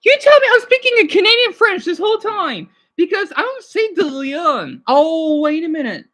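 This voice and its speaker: A woman's voice: very high voice, big pitch swings, normal speed, a bit bright. A woman hosting a livestream, chatting casually with viewers and often restarting and correcting herself. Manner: rambling, restarts and self-corrections. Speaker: livestream host.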